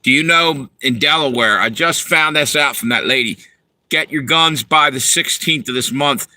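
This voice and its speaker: Brief: a man hosting a livestream, heated and profane, tense bright tone. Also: mid-range voice, moderate pace, dry recording, low-quality recording. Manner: profane, heated, talks to viewers. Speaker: livestream host reading chat. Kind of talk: angry ranting livestream.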